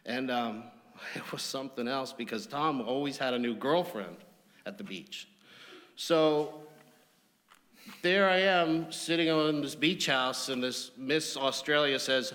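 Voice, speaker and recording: A man delivers a eulogy made of funny, rambling anecdotes. His medium-pitched voice rings out with a long reverb tail, as in a large hall. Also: lively intonation, measured pace, a bit bright. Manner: humorous, anecdotal storytelling. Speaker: eulogy speaker. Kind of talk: memorial eulogy.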